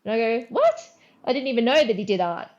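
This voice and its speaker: A middle-aged Australian woman, a guest artist, telling lively anecdotes in a casual interview, acting out her own lines and often restarting sentences. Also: fairly high pitch, racing, muffled recording.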